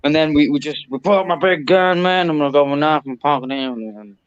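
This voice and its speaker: A man's voice: on the high side, quick pace, smooth. A man from northeast England with a Sunderland accent, chatting as a podcast guest with dry, teasing humor. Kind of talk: casual chat. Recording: dull, dry, lo-fi sound.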